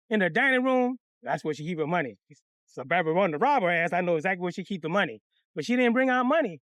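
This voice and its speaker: Male comic storyteller, profane and animated, recorded dry. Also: sits high, no echo. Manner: animated, profane, acts out other voices. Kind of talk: comedic storytelling.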